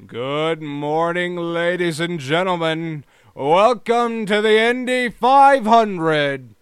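A woman's voice: fairly low pitch, clean tone, no room sound, studio quality. A woman voice actor playfully recording a character voice demo reel. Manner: playful, switching voices rapidly.

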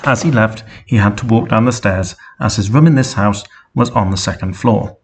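A man reading a story aloud in a flat, deadpan way. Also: lowish voice, moderate pace, slightly rough. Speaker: reader.

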